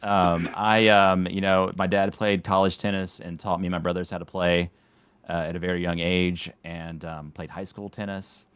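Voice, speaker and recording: A man in his late thirties, a podcast guest who coaches tennis and streams, talking in an unhurried way with dry, sarcastic wit. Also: low voice, level tone, fairly bright tone, clean tone, no echo. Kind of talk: casual interview chat.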